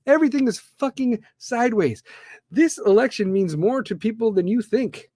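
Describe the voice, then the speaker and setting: A man's voice: very high voice, expressive, normal speed, warm tone, no echo. Man, podcast host, heated rant, profane, blunt, dry recording. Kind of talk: ranting monologue.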